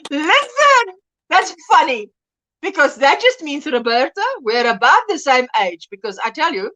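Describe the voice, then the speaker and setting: A woman's voice: very high voice, big pitch swings, slow pace, bright, forceful tone. A middle-aged woman hosting a casual livestream chat, reading viewers' comments aloud and laughing often. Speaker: livestream host.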